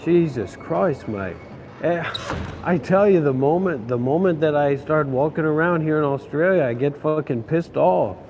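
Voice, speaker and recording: Man, swearing sarcastic rant, walking vlog, highish voice, faint street noise. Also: animated, normal speed, darkish tone, dull audio. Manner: profane, grumbling, sarcastic. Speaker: vlogger. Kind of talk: casual rant while walking. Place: city streets and station, walking.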